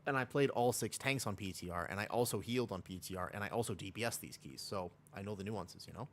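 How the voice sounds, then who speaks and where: A man's voice: lowish voice, fast talker, a little hiss or hum. Male game streamer, slightly sick with a sore throat, rambling casual chat. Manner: rambling, self-correcting, chatty. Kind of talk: casual livestream chat while gaming.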